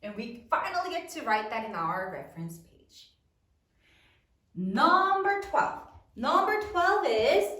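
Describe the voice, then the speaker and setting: A woman teaching a spelling lesson to young children, sounding out each word slowly in a sing-song teacher voice. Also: sits high, pushed and bright, roomy sound, distant mic.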